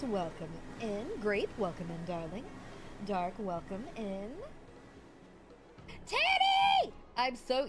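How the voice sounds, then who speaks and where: A woman streamer in casual chat with her live viewers, bubbly and rambling off on tangents. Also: mid-range voice.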